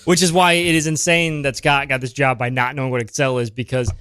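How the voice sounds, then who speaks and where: A man's voice: mid-range voice, flat delivery, fairly quick, fairly bright tone, smooth, dry recording, studio quality. A man, an improv comedian, chatting casually on a podcast with a loose, rambling manner. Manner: loose, rambling, lots of fillers. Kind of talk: improvised scene and casual chat.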